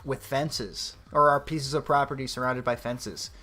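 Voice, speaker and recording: A man's voice: mid-range voice, measured pace, bright, forceful tone. A man hosting a casual livestream, ranting sarcastically and swearing often. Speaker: livestream host.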